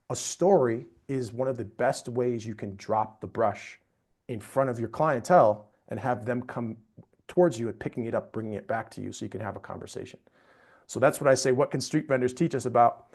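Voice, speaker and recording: A man, a storytelling expert, telling an anecdote as a podcast guest in a lively, conversational way. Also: mid-range voice, fairly quick. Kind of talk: animated storytelling in a podcast interview.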